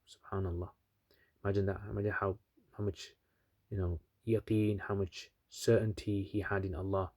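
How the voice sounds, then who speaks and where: A man's voice: on the low side, steady tone, moderate pace, warm tone, dry recording, studio quality. A man casually retelling a religious story, chatty with many asides and fillers.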